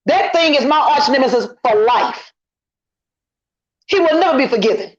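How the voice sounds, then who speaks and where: A middle-aged woman speaks as a guest on an informal online commentary chat, her voice set high. She talks emphatically and circles back to the same points, venting with indignation. The audio is dull and lo-fi, with little top end. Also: animated, moderate pace.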